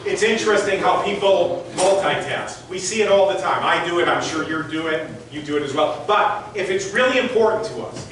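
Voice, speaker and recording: A high-voiced man in his sixties, a motivational speaker, gives a storytelling talk on stage in a large hall, addressing the audience conversationally and demonstrating with his hands. Recorded from far off, the hall sounds echoey, with background noise.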